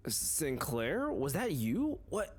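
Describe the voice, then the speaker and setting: A man's voice: a little high, huge pitch swings, slow pace, over loud music. A man reading game text aloud and reacting, in a jokey, dramatic way. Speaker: gaming YouTuber.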